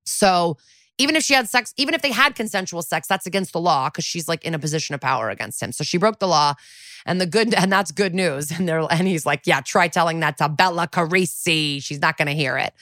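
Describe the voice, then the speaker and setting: A woman's voice: fairly low pitch, sing-song, a bit bright, no echo, clean studio sound. A woman co-hosting a podcast, recapping a TV episode in a chatty, filler-heavy way and acting out the characters' lines. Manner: chatty, rapid recap with many fillers and voiced quotes. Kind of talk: casual chat.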